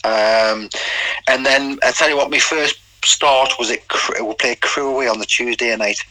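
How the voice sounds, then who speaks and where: Casting: middle-aged Geordie man, rambling anecdotal guest, bright tone, dry close sound. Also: medium pitch, steady tone, normal speed, dry recording, poor audio. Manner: rambling anecdotes with quoted dialogue and restarts. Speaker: guest, former footballer. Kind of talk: casual interview storytelling.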